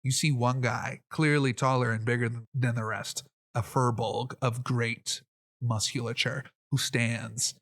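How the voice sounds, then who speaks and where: A man runs a tabletop game with lively, amused narration in a mid-pitched voice. He talks the way someone would in casual conversation. The sound is dry and close. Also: measured pace, no echo. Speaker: game master.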